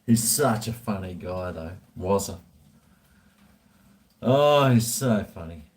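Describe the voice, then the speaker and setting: Laid-back guy, low voice, unhurried drinking-session ramble. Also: expressive. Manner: rambling, swears freely. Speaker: vlogger. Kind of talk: casual chat while drinking.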